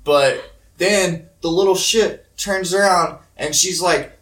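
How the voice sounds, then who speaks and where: A man's voice: high-pitched, slow, fairly bright tone, far from the mic. A man co-hosting a casual talk show, telling stories in a loose, profane way. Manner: loose, profane storytelling with laughter. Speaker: podcast co-host. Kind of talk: casual chat. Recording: roomy sound from off mic.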